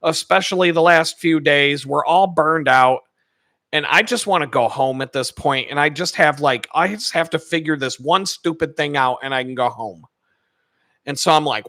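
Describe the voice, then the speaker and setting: A man hosting his own channel, telling a personal work story in a casual, animated, profane way and acting out the people he quotes. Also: fairly high pitch, normal speed, no echo.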